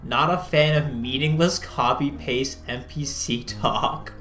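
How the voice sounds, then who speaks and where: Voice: medium pitch, slow, a bit bright. A streamer casually chatting over a narrative game, laughing and commenting on their own accents and greeting chat, who also plays the innkeeper in a near-natural voice. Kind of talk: casual let's-play commentary. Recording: echoey room with faint music.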